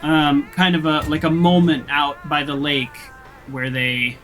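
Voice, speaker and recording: A man's voice: fairly high pitch, level tone, a little slow, fairly bright tone, soft background music, low-quality recording. A young man streaming a video game, chatting casually and joking with mock indignation. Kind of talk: casual gameplay commentary.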